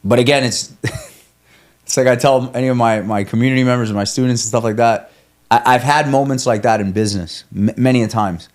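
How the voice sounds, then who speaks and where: A man's voice: mid-range voice, brisk. A young man talking candidly on a podcast, rambling and swearing as he tells a running story, often restarting his sentences. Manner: rambling, profane, self-coaching, frequent restarts. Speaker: guest, ultramarathon runner. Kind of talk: candid conversational podcast talk.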